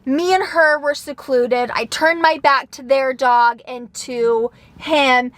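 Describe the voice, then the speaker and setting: A young adult woman vlogger telling a story in a casual, animated way. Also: high-pitched, slow, no room sound. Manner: animated, expressive retelling.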